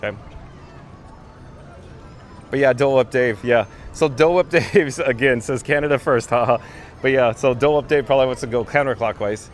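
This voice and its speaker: A man's voice: mid-range voice, moderate pace, long pauses. A man hosting a livestream while walking outdoors through a theme park, reading viewer comments aloud in a chatty, upbeat way. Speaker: livestream host.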